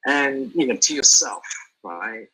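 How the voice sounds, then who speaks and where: Bright, husky-voiced man chatting animatedly. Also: medium pitch, takes it slowly, poor audio. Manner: animated, repeats words as he thinks aloud. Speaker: speaker and guest. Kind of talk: conversational interview.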